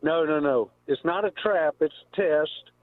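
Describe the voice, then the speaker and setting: A man's voice: a little high, unhurried, no echo. A man in his sixties calling in to a radio show by phone, blunt and firm in his views. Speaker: caller. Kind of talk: phone-in chat. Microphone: telephone. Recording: tinny phone line.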